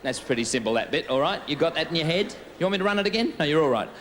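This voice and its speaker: A man's voice: on the high side, expressive, very fast, fairly bright tone, slight background noise. A man entertaining a live theatre audience, chatty and jokey, coaxing them into joining a song. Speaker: stage entertainer. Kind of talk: live variety show crowd patter. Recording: echoey stage with band and roaring crowd.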